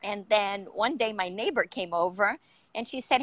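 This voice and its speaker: A woman's voice: mid-range voice, moderate pace, a bit bright, dry recording. A middle-aged woman, a guest entrepreneur, telling her personal story in an earnest, emotional way with many fillers.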